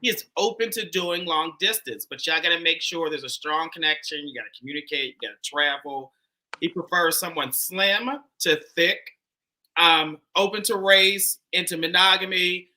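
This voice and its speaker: A man's voice: on the high side, normal speed, bright, forceful tone, poor audio. A man hosting a dating show, introducing a single in a playful, chatty way.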